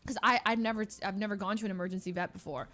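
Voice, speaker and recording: A woman streamer casually telling a story, dramatic and animated, with lots of "like" fillers. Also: medium pitch, very fast, soft background music.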